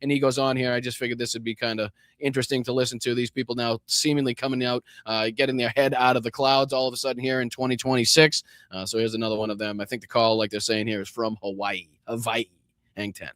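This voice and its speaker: A male host rattles through commentary on his own livestream at a brisk clip, rambling with sarcastic asides. His voice sits at a middle pitch and sounds close and dry, with no room around it. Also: level tone, fairly bright tone, no echo. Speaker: political talk show host.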